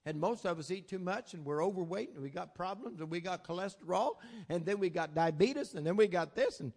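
An older man preaches in a high, bright voice. He tells homespun stories in plain country grammar. He swings between loud exclamations and hushed asides. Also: lively intonation, brisk. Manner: folksy storytelling with plain southern-style grammar. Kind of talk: sermon.

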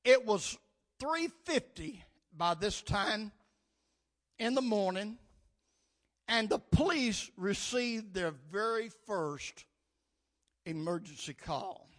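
Preacher guy, high bright voice, slow drawn-out delivery, shouts amen then goes soft. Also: lively intonation. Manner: preaching with rising bursts and calls of amen. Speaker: pastor. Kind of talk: sermon.

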